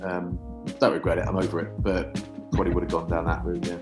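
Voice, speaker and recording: An English man and former rugby player, a guest in a casual interview, telling lively stories and swearing freely. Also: low-pitched, fast, loud music behind the voice. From England.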